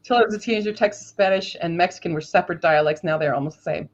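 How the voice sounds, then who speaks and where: A woman's voice: on the low side, very fast. Chatty woman, lo-fi sound. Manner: chatty, laughs often, muses aloud. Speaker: writing sprint co-host. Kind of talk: casual group chat on a livestream.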